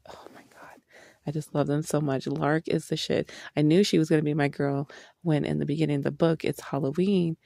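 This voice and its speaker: A woman giving a casual book review vlog, excitable and gushing, swearing freely as she talks. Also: low-pitched, brisk, creaky, no room sound, clean studio sound.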